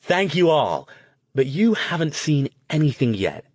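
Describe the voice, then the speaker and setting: A man's voice: big pitch swings, measured pace, dry recording. A man voicing a flamboyant, enthusiastic young male stage magician in an audiobook. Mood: triumphant. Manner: booming, showy.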